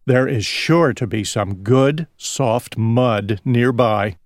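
A man's voice: mid-range voice, no echo, studio quality. Man reading as a small mud-loving pig. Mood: content. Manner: slow, drawn-out reading. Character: small male pig who loves mud.

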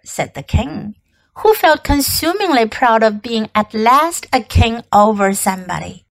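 A woman teacher narrating a storybook aloud, reading clearly and deliberately. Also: a little high, lively intonation, rough recording. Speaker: English teacher.

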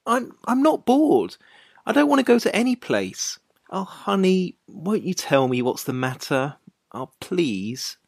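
A woman's voice: on the low side, sing-song, measured pace, vocal fry, a little mellow, breathy edge, dry recording, studio quality, exaggerated voice. A woman voicing an anxious young man who pleads and grows exasperated in a dramatized story. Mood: pleading. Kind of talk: dramatized short story reading.

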